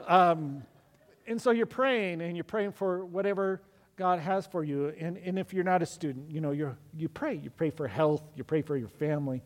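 A middle-aged man preaches as a pastor, telling stories in a relaxed, conversational way with plenty of restarts. His voice sits a bit higher than most men's. The sound carries a long echo from a large hall. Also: moderate pace. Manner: conversational storytelling with many restarts. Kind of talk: sermon.

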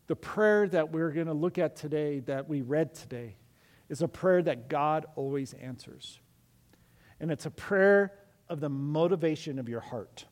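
Preaching a sermon, this middle-aged male pastor tells stories in a relaxed, chatty manner, frequently starting over. His pitch runs a bit higher than most men's, and a large hall lends the recording a long echo.

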